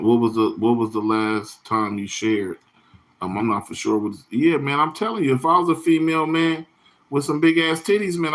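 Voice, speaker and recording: A man's voice: mid-range voice, fairly bright tone. A man hosting his own livestream in a loose, rambling, profane way, full of slang and answering viewers' chat comments by name. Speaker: livestream host.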